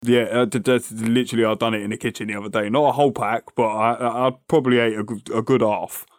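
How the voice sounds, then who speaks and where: A man's voice: mid-range voice, fairly even intonation, fast, no echo. Slangy London man, dry close mic. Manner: slangy, swears freely, laughs often. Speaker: podcast co-host. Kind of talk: casual banter.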